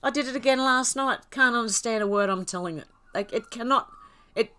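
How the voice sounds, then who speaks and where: A woman's voice: a little high, a little fast, bright, forceful tone. A middle-aged woman hosting a casual livestream, reading viewers' comments aloud in a chatty, candid way with frequent giggles. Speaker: livestream host.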